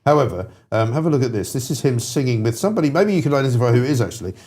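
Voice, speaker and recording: A man's voice: mid-range voice, sing-song, darkish tone, slightly rough. A man hosting a talk show, bantering in a joking, mocking way with his co-host. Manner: joking, mocking, quick back-and-forth. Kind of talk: casual studio banter.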